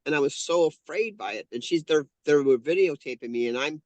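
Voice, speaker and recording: A man's voice: a little high, fairly quick, dry recording, lo-fi sound. Earnest man in his fifties, dry sound. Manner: earnest, heartfelt, lots of self-corrections. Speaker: guest, painter and channeler. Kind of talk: conversational interview storytelling.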